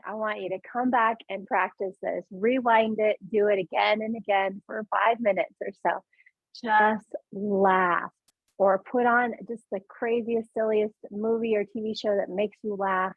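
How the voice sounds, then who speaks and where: A woman's voice: medium pitch, steady tone, unhurried, dry recording, phone-quality sound. A woman yoga and mindfulness instructor leading a guided laughter exercise, upbeat and encouraging.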